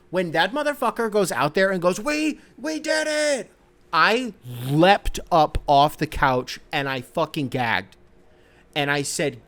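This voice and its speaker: A young man hosting a sports podcast, ranting profanely and excitably, swinging between loud outbursts and low mumbles. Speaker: podcast host.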